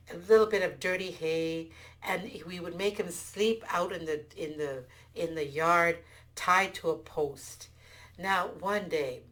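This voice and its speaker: A woman telling a folktale aloud, expressive with small restarts. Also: on the low side. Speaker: storyteller. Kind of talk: folktale storytelling.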